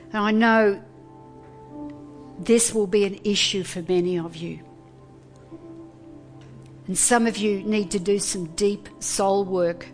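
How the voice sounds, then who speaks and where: Slow earnest woman preaching. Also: medium pitch. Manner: earnest, slow and deliberate, pausing between phrases. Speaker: pastor. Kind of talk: sermon.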